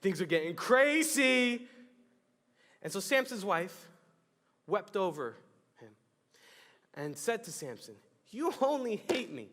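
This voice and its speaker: A man's voice: high voice, big pitch swings, a little slow, a bit bright, long reverb tail. A young adult man giving a youth sermon, telling the story with jokes and acted-out exclamations. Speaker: youth pastor. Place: church youth hall.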